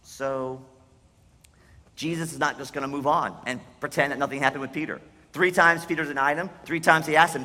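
A man's voice: on the high side, fairly even intonation, fairly quick, pushed and bright, big-room sound. A man preaching a sermon as pastor, in an earnest, conversational way, acting out the quoted dialogue.

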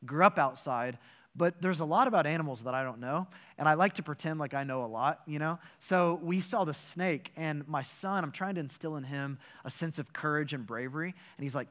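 A man, a pastor, delivering a sermon with animated, emphatic storytelling and rhetorical questions. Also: fairly high pitch, brisk.

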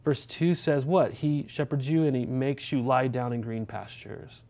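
A man's voice: medium pitch, unhurried, darkish tone. A man, a pastor preaching a sermon in a conversational way, asking many rhetorical questions and checking in with the congregation.

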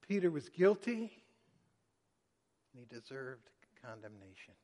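A man preaching a sermon, dramatically acting out the quoted lines with big swings in loudness. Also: mid-range voice, big pitch swings, a little slow. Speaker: pastor. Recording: long hall reverb.

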